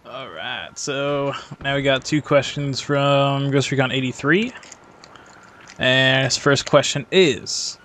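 A man's voice: medium pitch, slow, a bit bright, slight background noise. A man hosting a casual gaming-clan Q&A, reading out questions in an easy, amused manner. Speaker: interviewer reading viewer questions. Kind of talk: casual chat.

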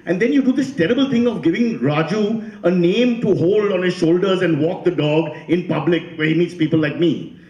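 A man performs stand-up and keeps quizzing and teasing his audience. His voice sits a bit high, and the sound carries a strong room echo. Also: normal speed, dark tone, muffled recording. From India. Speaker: comedian. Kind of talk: stand-up comedy.

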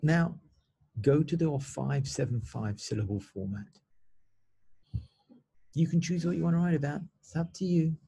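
A man teaches children in a recorded online lesson, taking each step slowly and patiently. His voice is dark and gravelly, with a rough, husky edge. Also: on the high side, animated. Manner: slow, patient, explaining step by step.

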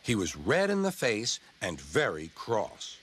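A man reading a children's storybook aloud in an expressive way. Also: on the low side, unhurried, husky. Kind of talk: storybook narration.

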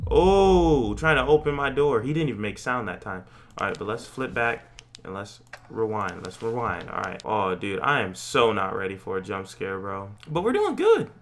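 Playing through a horror game, a young man reacts casually for his YouTube channel, cracking jokes, bantering with slang, and yelping when startled. He speaks in a mid-range, slightly bright voice.

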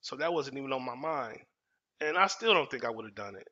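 This storytelling host, a Dallas, Texas man in his 40s, relates a personal story in casual, emphatic talk full of repeated phrases. His medium-pitched voice is expressive and sharp, a little fast. Dull lo-fi audio carries it.

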